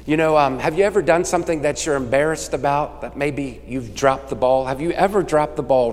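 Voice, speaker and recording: Rapid-fire male preacher in a hall. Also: on the high side. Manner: rapid-fire, call-and-response with the crowd. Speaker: evangelist preacher. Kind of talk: sermon.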